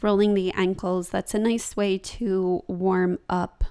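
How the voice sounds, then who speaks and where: A woman's voice: medium pitch, flat delivery, slow pace, mellow, clean tone. A young woman talking casually over her own yoga practice as a vlogger, chatty and laughing at herself.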